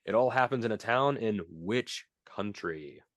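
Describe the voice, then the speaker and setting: A man's voice: on the low side, lively intonation, measured pace, no echo, clean studio sound. A young man co-hosting a podcast, casually and playfully reading out trivia quiz questions and teasing his co-host.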